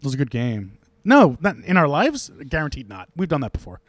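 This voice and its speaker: A man co-hosting a sports podcast with a high, animated voice that swings widely. He pushes his points emphatically, and the sound is dry and close. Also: brisk, no echo. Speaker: podcast co-host. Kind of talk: casual sports chat.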